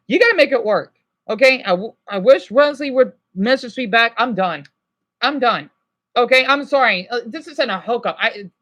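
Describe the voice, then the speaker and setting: A man's voice: very high-pitched, a bit bright. A stressed man vlogging, ranting to his viewers in an agitated, rambling way, swearing and then apologizing. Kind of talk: unscripted emotional rant to viewers.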